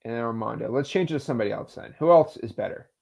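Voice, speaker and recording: A man hosting a live stream, talking casually and excitedly to his chat and joking with the viewers. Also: medium pitch, very fast, vocal fry. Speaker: host of a live stream on real estate cold calling.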